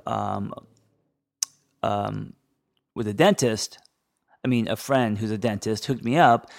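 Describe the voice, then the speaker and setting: A man's voice: fairly low pitch, gravelly. A man in his forties from Los Angeles with a slight lisp from braces, hosting a casual, rambling podcast monologue full of ums. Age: 40s. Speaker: therapist and podcast host.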